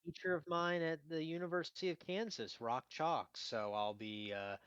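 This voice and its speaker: A man's voice: a little high, fairly even intonation, normal speed, a bit bright, smooth, no room sound. A man co-hosting a casual film podcast, talking in an emphatic, opinionated way. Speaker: podcast co-host. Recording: dull dry lo-fi mic.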